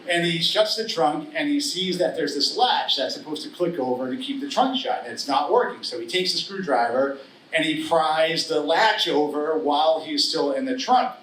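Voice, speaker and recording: A middle-aged man with a fairly high voice tells a personal story on stage, wry and earnest with flashes of humor. His voice carries through a roomy hall from a distant mic, with faint room sound behind him. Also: a bit bright, slight background noise. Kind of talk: live storytelling. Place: stage at a live story slam.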